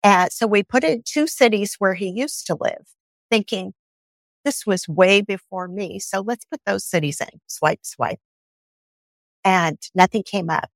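A woman guest on a podcast, telling her own story in a lively way and acting out the dialogue she quotes. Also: medium pitch, a little slow, dry recording.

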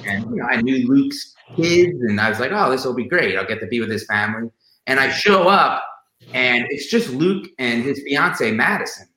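A man's voice: mid-range voice, lively intonation, normal speed, bright, forceful tone, reverberant, a little hiss or hum, low-quality recording. A man casually telling personal stories about a late friend, with many fillers and restarts. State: emotional, near tears. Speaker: guest sharing memories of a late friend. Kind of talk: casual storytelling on a podcast.

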